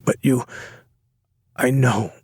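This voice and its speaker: A man voicing a dying older father who speaks in a weak, raspy whisper, short of breath. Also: medium pitch, fairly even intonation, slow pace, darkish tone, dry recording, clean studio sound, voice pushed up. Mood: weak, tender.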